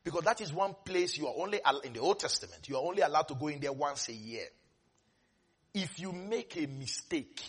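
A preacher with a high, bright, slightly husky voice delivers a sermon with wild swings in pitch. He drops to murmured asides, then climbs into loud shouting and chuckles through his points. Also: sing-song, moderate pace, pauses often.

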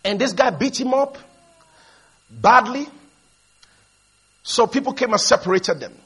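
A man preaching a sermon, leading the congregation to repeat his lines and building up to shouted emphasis as he tells stories. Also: very high-pitched, lively intonation, measured pace, husky. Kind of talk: sermon with call-and-response.

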